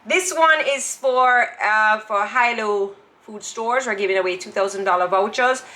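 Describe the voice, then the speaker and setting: A woman's voice: mid-range voice, moderate pace, bright, forceful tone. A Jamaican woman hosting a live stream, chatting playfully and running giveaways with a teasing, laughing manner. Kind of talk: casual chat with giveaways.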